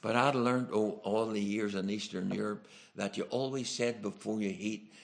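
A man's voice: on the low side, fairly even intonation, normal speed, vocal fry, hardly any pauses. A man with an Irish accent preaching a sermon, telling folksy, humorous stories from his travels. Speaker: evangelist preacher. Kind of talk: storytelling sermon.

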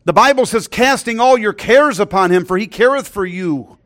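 High-voiced middle-aged male preacher. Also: expressive, moderate pace. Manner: earnest, drops to a hushed voice for stories. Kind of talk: sermon.

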